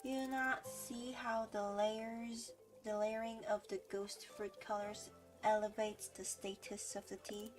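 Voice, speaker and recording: A woman's voice: mid-range voice, little pitch movement, unhurried, faint music behind, close to an everyday voice. A woman voicing a snooty, refined woman customer in a game who speaks in a pompous, formal, condescending way. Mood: haughty.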